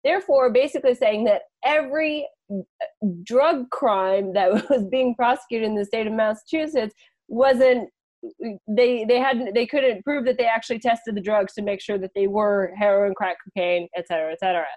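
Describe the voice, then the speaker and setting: A woman with a somewhat high voice co-hosting a casual comedy podcast. She talks at length and keeps her points flowing. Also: moderate pace, a little mellow. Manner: chatty, explains at length, laughs between points. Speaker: podcast co-host.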